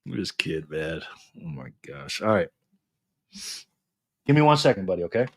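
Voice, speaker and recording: A man hosting a casual live stream, reading the chat aloud with excitement and frequent laughter. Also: low-pitched, normal speed, no echo, clean studio sound.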